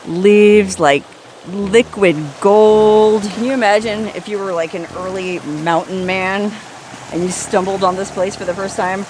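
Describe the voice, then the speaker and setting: A woman's voice: medium pitch, fairly even intonation, normal speed, background noise. A woman hosting a chatty outdoor travel vlog, recorded on a forest trail by hot springs. She talks with enthusiasm, dry wit and salty humor.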